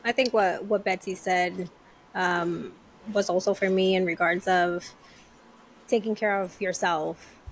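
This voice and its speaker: A woman's voice: fairly low pitch, steady tone, a little slow, slight background noise, low-quality recording. A woman co-hosting a podcast, chatting casually and laughing easily. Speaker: podcast co-host. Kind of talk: casual conversation.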